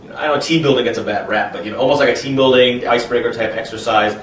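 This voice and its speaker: A man explaining an improv exercise as a trainer, lively and expressive in his delivery. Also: medium pitch, racing, roomy sound, distant mic, slight background noise, rough recording. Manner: animated, speaks in expressive gibberish while performing.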